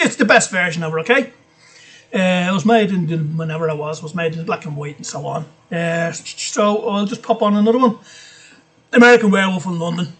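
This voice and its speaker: A man's voice: high-pitched, fairly bright tone. An Irish man chatting casually and bluntly in a vlog, rambling, with frequent swearing. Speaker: vlogger. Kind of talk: casual film list chat.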